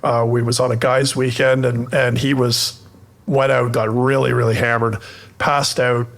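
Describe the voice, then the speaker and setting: A man co-hosting a podcast, laid-back and joking in relaxed banter. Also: medium pitch, unhurried, creaky. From Canada. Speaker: podcast co-host. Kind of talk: casual chat.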